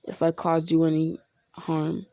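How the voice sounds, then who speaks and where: A woman voicing a sly young female villain with a quick, sugary manner. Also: deep voice, monotone, mellow, no room sound.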